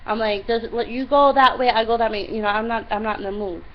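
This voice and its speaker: A young woman casually telling a diary-style story, retelling it with lively exasperation and quoting herself often. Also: on the high side, quick pace. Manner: animated, exasperated retelling with many "I'm like" quotes. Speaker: vlogger. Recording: slightly dull lo-fi recording with faint hiss.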